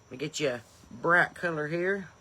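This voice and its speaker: Bright, chatty woman hosting a live stream. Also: low voice, moderate pace. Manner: folksy, upbeat, bursts of loud welcomes between rambling asides. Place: home porch in the evening.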